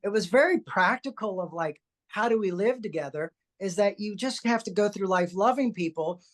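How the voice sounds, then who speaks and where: A podcast host telling personal stories in an animated, anecdotal way, often repeating words. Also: mid-range voice, moderate pace. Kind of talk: podcast conversation, personal storytelling.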